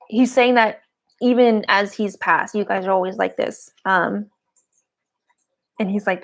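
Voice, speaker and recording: A woman's voice: mid-range voice, fairly even intonation, unhurried. A woman giving a live-streamed tarot and oracle card reading, chatty and giggly, with a lot of "like" fillers.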